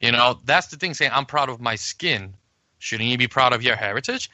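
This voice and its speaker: A man co-hosting a podcast in casual chat, animated and swearing, acting out arguments he has had. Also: medium pitch, moderate pace, dry recording. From Puerto Rico. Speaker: podcast co-host.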